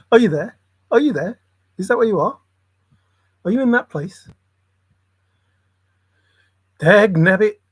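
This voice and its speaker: Man, solo ramble, muttering, sudden exclamations, slow delivery, dry sound. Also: on the high side, breathy edge, no echo. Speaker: channel host.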